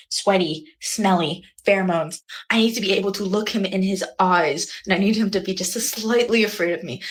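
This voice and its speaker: A woman's voice: medium pitch, low-quality recording. A woman talking brashly and playfully about what she wants in a man.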